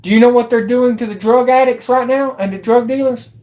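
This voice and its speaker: A woman's voice: a little high, fairly even intonation, brisk. Angry woman ranting. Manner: angry, profane, shouting in bursts. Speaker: YouTube commentator. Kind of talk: angry political rant.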